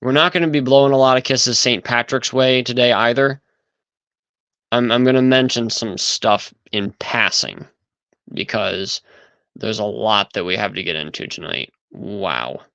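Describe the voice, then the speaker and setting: A man hosting a casual livestream, chatting loosely and thinking aloud as he goes. His mid-pitched voice sounds smooth and resonant, recorded dry and close with no room sound. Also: normal speed, fairly bright tone, dry recording, dull audio. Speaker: livestream host.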